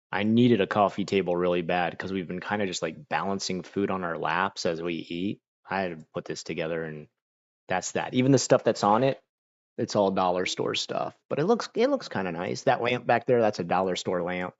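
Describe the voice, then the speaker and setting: Man, young, low voice, chatty livestream host, lots of "like" and "um", slightly dull audio. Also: normal speed, no room sound. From Florida. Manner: chatty, animated when quoting people, many fillers. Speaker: livestream host reading chat. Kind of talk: casual livestream chat. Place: home room.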